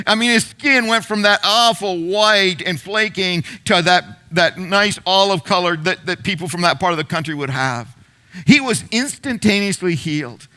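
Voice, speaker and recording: Retelling a story in his sermon, this middle-aged man, the congregation's pastor, leans on repeated phrases for emphasis. His expressive voice sits high and bright at a moderate pace, and he drops some words almost to a hush before building up again.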